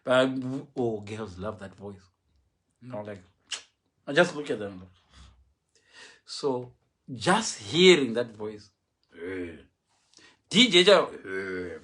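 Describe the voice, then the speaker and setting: A man's voice: medium pitch, slow pace, long pauses. A man preaching a humorous sermon, mixing English and Shona and acting out the people he quotes. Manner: animated, mixes English and Shona, acts out quotes.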